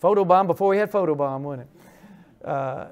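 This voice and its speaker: A man's voice: fairly high pitch, moderate pace, a little mellow, smooth. An older man, giving an informal history lecture with folksy asides and rhetorical questions. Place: lecture hall.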